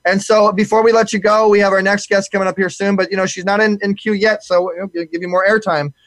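A male talk show host who rambles along with restarts and fillers. His voice sits fairly high for a man. The sound is dry and close, with no room to it. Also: little pitch movement, fast, a bit bright, no echo. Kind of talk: casual live talk show chat.

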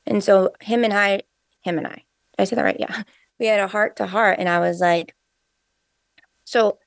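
Gravelly-voiced woman telling chatty stories. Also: medium pitch, normal speed, long pauses, no echo. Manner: chatty, animated, full of fillers and quoted dialogue. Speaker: podcast co-host. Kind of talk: casual conversational storytelling.

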